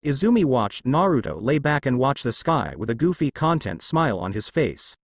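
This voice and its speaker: A man narrating a fan fiction story in a steady storytelling read. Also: medium pitch, normal speed, no room sound, studio quality.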